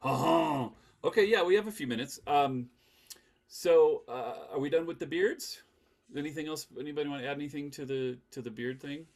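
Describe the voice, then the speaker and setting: A man hosting a podcast in a casual group chat, playful and quick to laugh, putting questions to the group. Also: fairly high pitch, darkish tone. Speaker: podcast host.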